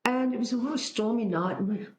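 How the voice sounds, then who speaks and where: Speaking fast in a slightly high voice, the woman from Australia tells animated conversational stories as a psychic guest, voicing what people said. The sound is roomy and low-quality, with a bit of hiss or hum.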